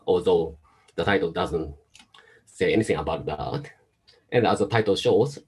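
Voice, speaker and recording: A man with an accent mixing Chinese, Japanese and American, giving a measured talk over a video call. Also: sits low, darkish tone, slightly rough, poor audio. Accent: mix of Chinese, Japanese and American. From Hong Kong. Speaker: invited speaker, pediatrician and virus researcher. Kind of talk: online presentation talk.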